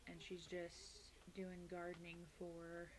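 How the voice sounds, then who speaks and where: A woman's voice: lowish voice, completely flat delivery, slow pace, a crowd in the background. A woman casually commenting while playing a life-simulation game, rambling and correcting herself as she talks between bites. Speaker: gaming streamer. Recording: loud background noise from game and music.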